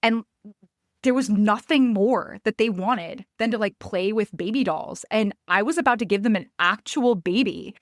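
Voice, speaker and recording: A woman in her thirties hosting a podcast, candidly telling personal stories in a conversational way, often acting out quotes in a higher voice. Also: moderate pace, no echo, clean studio sound. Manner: animated, acts out quotes with raised pitch. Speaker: podcast host. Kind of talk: personal storytelling monologue.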